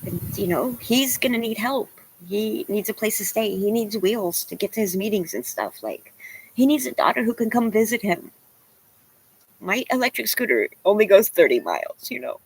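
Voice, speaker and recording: A woman vlogger vents to camera, rambling, self-deprecating, and at times crying, with many "you know"s. Her medium-pitched voice is husky and animated, with vocal fry, at a normal speed.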